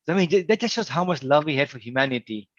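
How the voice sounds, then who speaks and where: A man on a livestream panel telling anecdotes, animated and acting out the quotes in his stories. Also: a little high, very fast, no echo, muffled recording. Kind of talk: anecdotal storytelling in discussion.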